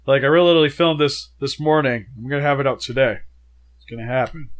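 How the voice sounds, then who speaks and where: A man's voice: medium pitch, quick pace. A man co-hosting a casual movie review chat, recovering from a sickness with a worn voice and chewing gum as he jokes. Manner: chewing gum while talking, joking banter. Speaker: co-host of a movie review show.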